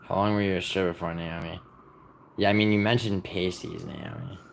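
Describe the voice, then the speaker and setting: A man's voice: low-pitched, fairly even intonation, normal speed, vocal fry, slight background noise. A young man from the United States hosting a casual livestream, rambling and teasing his viewers as he reads comments aloud. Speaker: livestream host.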